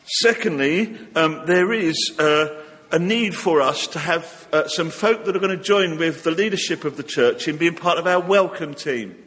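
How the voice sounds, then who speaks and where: Guy leading a church service, kinda high voice, casual jokey notices, big echoey church sound. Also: moderate pace, a bit bright. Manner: chatty and informal, with light humor. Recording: long reverb of a church hall.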